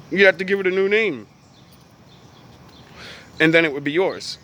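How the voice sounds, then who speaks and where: A man's voice: high voice, measured pace, pushed and bright. An American man in a blunt, profane ranting commentary who hammers his points with repetition. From United States. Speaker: vlogger.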